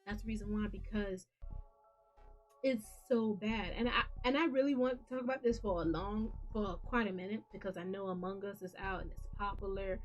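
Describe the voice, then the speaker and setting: A woman in a mid-pitched voice talks straight to her gaming audience, earnest and rambling, often restarting and repeating herself. The sound is a little dull and lo-fi, with faint music underneath. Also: steady tone, normal speed. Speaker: gaming channel host. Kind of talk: casual talk to camera.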